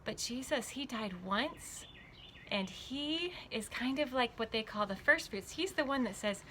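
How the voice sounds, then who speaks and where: A woman teaching a children's Bible club, telling a story in an animated way and asking the children questions. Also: on the high side, measured pace, slight background noise. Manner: animated, asks children questions, says their names.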